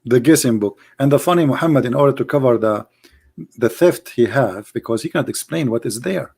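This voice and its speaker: Coughing and losing his voice, a male debate host on a live call-in stream addresses callers and viewers. His hoarse voice is mid-range and darkish, delivered briskly, and he's combative and mocking, repeating phrases to drive points home.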